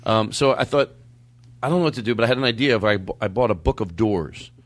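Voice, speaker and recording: A man hosting a podcast and telling stories in casual, joking chat, often acting out what people said. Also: fast talker. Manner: animated storyteller, jumps into silly high voices. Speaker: podcast host.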